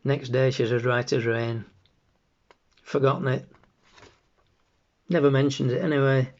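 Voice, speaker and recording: A middle-aged man, recounting in a flat, deadpan way in a scripted dramatic monologue. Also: mid-range voice, unhurried, close to an everyday voice. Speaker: actor in a monologue. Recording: dull lo-fi recording.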